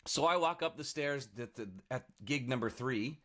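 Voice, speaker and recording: A man in his forties from the Niagara region, a guest musician telling stories in a lively, self-mocking way on a casual podcast. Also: mid-range voice, creaky. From Niagara region, Canada. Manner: animated, self-mocking storyteller with laughs.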